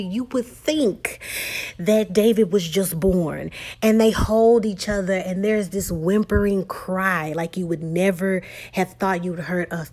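Husky woman recapping a film. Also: mid-range voice. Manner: conversational, animated retelling with restarts. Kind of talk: casual movie recap.

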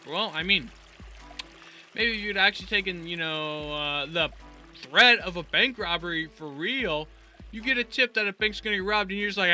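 A man giving let's-play commentary in an excitable, joking and animated way. His voice is very bright and piercing, and it sits fairly high. Soft music plays behind him. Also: normal speed. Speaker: gaming YouTuber.

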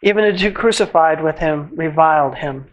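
Scripture reading, church service, measured, solemn, slowed phrase endings, mid pitch. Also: rough recording. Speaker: scripture reader.

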